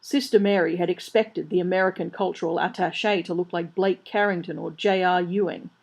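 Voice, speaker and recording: A woman's voice: lowish voice, steady tone, brisk, creaky, low-quality recording. A woman reading a comic novel aloud in a dry, wry manner. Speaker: audiobook reader. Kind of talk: storybook narration.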